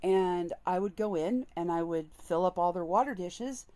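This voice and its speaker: A woman's voice: lowish voice, normal speed, mellow. A woman vlogger speaking candidly and emotionally as she tells a personal story to the camera. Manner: earnest, candid, openly emotional. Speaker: vlogger sharing personal experience.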